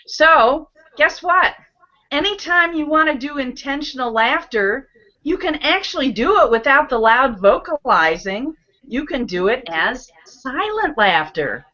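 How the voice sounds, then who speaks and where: A woman's voice: a little high, lively intonation, a little slow, bright, forceful tone. A woman from Maryland teaching laughter yoga on a video call, playful and punning as she leads chants of ho-ho and ha-ha. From Maryland, USA. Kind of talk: guided laughter exercises. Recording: dull lo-fi video call audio.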